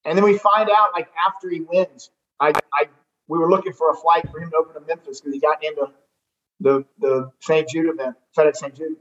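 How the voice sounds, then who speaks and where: A man telling a long, animated story in a casual interview, rambling and full of restarts. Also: on the high side, a little fast. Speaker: golf tournament director. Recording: dull lo-fi sound.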